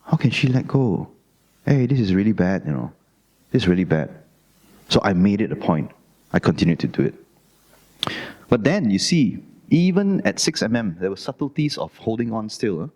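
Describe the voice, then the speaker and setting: Animated Malaysian man telling a Dhamma story. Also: on the low side, normal speed, big-room sound. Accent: Malaysian English. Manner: animated, acts out voices, self-mocking. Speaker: Dhamma speaker. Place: Buddhist society hall.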